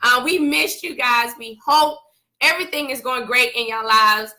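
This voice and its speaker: A woman co-hosting a couples talk show, chatting casually in a lively storytelling way, repeating words as she goes. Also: a little high, normal speed. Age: adult parent. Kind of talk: casual chat.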